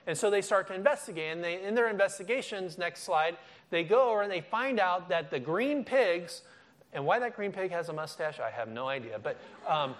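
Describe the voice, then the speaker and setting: A middle-aged man preaches to a congregation in a lively, animated way. His voice sits a little high for a man, and he trips over his words and restarts phrases as he builds his point. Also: normal speed. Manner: animated storytelling with frequent restarts. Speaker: guest speaker. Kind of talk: sermon.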